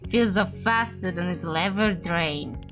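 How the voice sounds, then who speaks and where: A woman's voice: lowish voice, unhurried, fairly bright tone, soft background music, pitched below the performer's own voice. A woman voicing a drunk, short-tempered female homicide detective who talks bluntly and swears. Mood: bitter.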